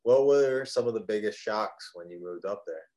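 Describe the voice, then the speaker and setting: Low-ish voiced guy, asks lots of questions, casual. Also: normal speed, dark tone. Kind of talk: casual chat.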